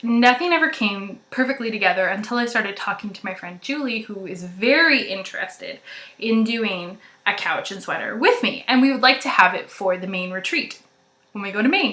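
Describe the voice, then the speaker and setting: A young woman hosts a knitting podcast in a chatty, meandering way, full of ums and little giggles. Her voice is bright and forward. It rings in an echoey room. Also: on the high side. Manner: chatty and rambling, many ums, giggles often. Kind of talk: casual chat to viewers.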